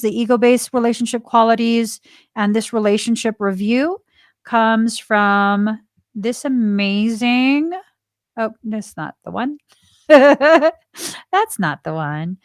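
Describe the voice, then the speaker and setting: Casting note: bright-voiced woman podcast host, chatty, close dry mic. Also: fairly high pitch, no echo. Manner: chatty, laughs often, acts out quoted dialogue. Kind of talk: casual spiritual talk.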